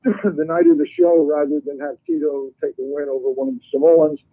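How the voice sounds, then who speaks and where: Older male phone-in guest, long-winded raconteur, slightly high voice, tinny phone line. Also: steady tone, a little fast. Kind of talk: casual storytelling on a call.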